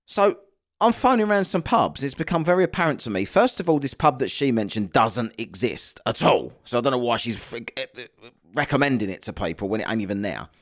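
A man delivers a comic rant in a sweary, exasperated tone, mocking everything he describes. His pitch sits in a middling range but swings widely as he talks, rising and falling with each complaint. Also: very animated, brisk. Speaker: vlogger.

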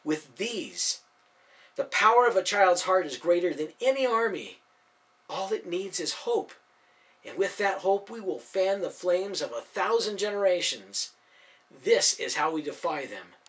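A man's voice: high-pitched, expressive, unhurried, fairly bright tone, voice pushed up. A man voicing a spirited young heroine. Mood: rousing. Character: young adult woman, bold and spirited. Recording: voice from a distance off mic.

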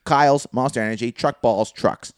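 A man's voice: mid-range voice, moderate pace, clear, resonant tone, no echo, clean studio sound. A young adult man, co-hosting a podcast, telling rambling profane stories and laughing at his own jokes. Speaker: podcast co-host. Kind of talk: casual chat, storytelling.

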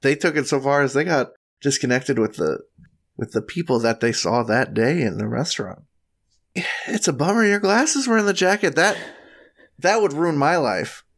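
A man's voice: a little high, lively intonation, moderate pace, a bit bright. A man co-hosting a casual chat, rambling and chatty with frequent restarts.

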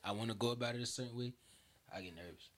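A man's voice: mid-range voice, racing. Laid-back young guy chatting. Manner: relaxed, keeps saying "you feel me", trails off. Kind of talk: casual chat.

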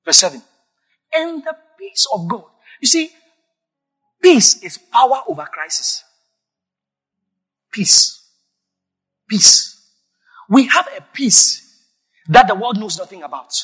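A man preaching a sermon as a pastor, emphatic and breaking into sudden shouts. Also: sits high, big pitch swings, a little slow, long pauses, slightly rough. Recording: long reverb of a large hall.

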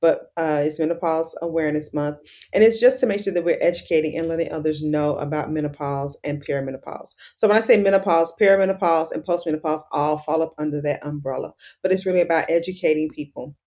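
A woman's voice: low-pitched, fast talker, mellow. A middle-aged woman, a pharmacist and educator, explaining things earnestly in a casual interview with many fillers. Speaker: pharmacist and menopause educator, guest.

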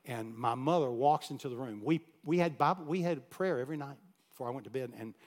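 Man telling a sermon story, loud to hushed. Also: mid-range voice, quick pace. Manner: animated, swings from loud to hushed. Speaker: pastor.

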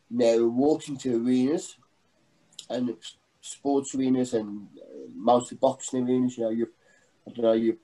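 A middle-aged man giving a personal testimony in a halting, earnest way, full of restarts. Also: medium pitch, dark tone, low-quality recording. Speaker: guest sharing testimony.

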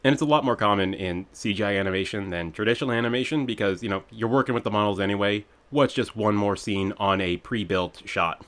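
A man's voice: on the low side, quick pace, few pauses, fairly bright tone. A man co-hosting a podcast, chatting casually and wryly as he picks apart a movie. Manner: wry, critical, rambling asides. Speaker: podcast co-host. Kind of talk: casual film review chat.

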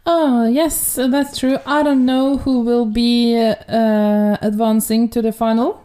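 Norwegian accent lady cohosting a podcast, slow and kinda warm sounding, laughs a lot. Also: fairly high pitch, little pitch movement. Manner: halting, laughs often. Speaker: podcast co-host. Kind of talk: casual chat.

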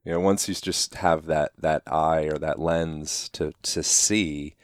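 A man talking as a guest in a relaxed conversational way, full of "you know" fillers and quick acted-out examples. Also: rumbling low, no echo. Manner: animated, acts out quick voiced examples.

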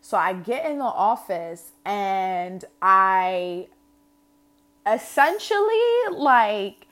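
A woman's voice: medium pitch, very animated, extremely slow, a bit bright. A woman with a New York accent telling a storytime vlog in a brash, casual way, full of slang and swearing. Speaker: vlogger.

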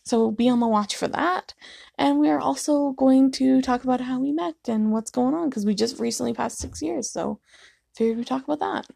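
A woman's voice: high-pitched, normal speed, vocal fry, mellow, no room sound, clean studio sound. Sleepy young woman podcasting late at night. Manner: rambling, apologetic, laughs often. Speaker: podcast host. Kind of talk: casual solo podcast chat. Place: living room at home.

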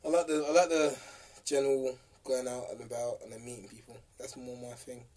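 A man's voice: medium pitch, little pitch movement, brisk, darkish tone. A young man, co-hosting a casual podcast chat, teasing and laughing often. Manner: teasing, laughs a lot, slangy. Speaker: podcast co-host.

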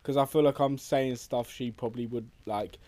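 A man's voice: medium pitch, steady tone, moderate pace, mellow. A man co-hosting a casual podcast chat, rambling and restarting his sentences, swearing casually. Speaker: podcast co-host.

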